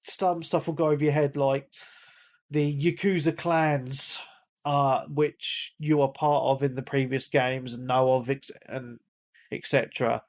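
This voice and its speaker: A man co-hosting a gaming podcast in casual chat, rambling and repeating himself, hoarse as he loses his voice. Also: mid-range voice, steady tone, measured pace. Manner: rambling, repeats words, calls himself a big nerd. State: losing his voice, coughing. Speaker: podcast co-host.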